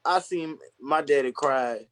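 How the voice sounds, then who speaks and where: A young man talking candidly on a podcast, telling personal stories with animated asides and quick restarts. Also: on the high side. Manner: candid, storytelling, acts out voices in anecdotes. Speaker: podcast guest. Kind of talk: casual conversation.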